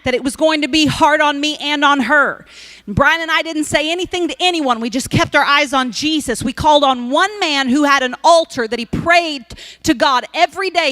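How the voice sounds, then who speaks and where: High-voiced woman preaching. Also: pushed and bright, no room sound. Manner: storytelling, emphatic preaching. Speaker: pastor. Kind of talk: sermon.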